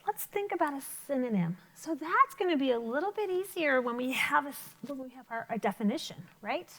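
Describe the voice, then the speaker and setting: In a high, fairly bright voice, a woman teacher runs a vocabulary lesson for young schoolchildren. She's very animated and fairly quick, encouraging the kids with questions and praise.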